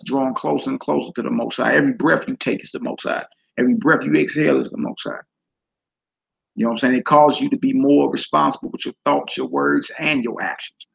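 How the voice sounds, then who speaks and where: Male religious teacher, scripture reading with casual slangy commentary, gravelly tone. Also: mid-range voice, fairly bright tone. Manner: casual slang, frequent "you know what I'm saying" asides.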